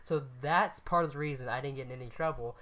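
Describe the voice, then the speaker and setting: A man's voice: mid-range voice, fast, pushed and bright. A man co-hosting a podcast, telling a story in casual chat, rambling and correcting himself, laughing at his own lines. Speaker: podcast co-host.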